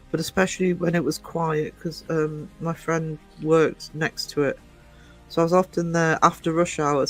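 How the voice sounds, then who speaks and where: A man chatting casually in a fairly high voice, wandering from one anecdote to the next. He fills his talk with ums and restarts, and faint music plays underneath. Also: rough recording. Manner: rambling anecdotes, frequent fillers and restarts. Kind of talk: casual chat.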